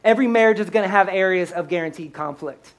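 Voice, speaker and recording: High-strung, animated man preaching. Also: fast talker. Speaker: pastor. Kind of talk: storytelling sermon.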